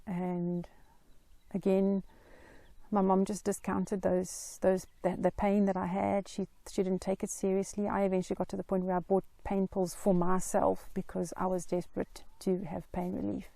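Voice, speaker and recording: A middle-aged woman earnestly telling her own life story in a slow, reflective way. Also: mid-range voice, completely flat delivery, vocal fry, warm tone, no room sound. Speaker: Christian mental health vlogger. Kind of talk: personal story told to camera.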